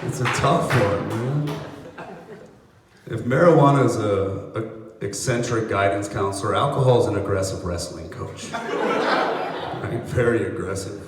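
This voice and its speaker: A young American stand-up comedian performs a loose set in an outdoor apartment complex courtyard, working the crowd and slipping into voices for bits. His lowish voice is unhurried, with long pauses, over faint background music, and the live recording is echoey, distant, and noisy.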